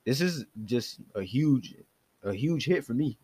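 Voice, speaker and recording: A man's voice: medium pitch, expressive, unhurried, dark tone, breathy edge. A man hosting a devotional podcast, earnestly exhorting his listeners and addressing them directly. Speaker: podcast host.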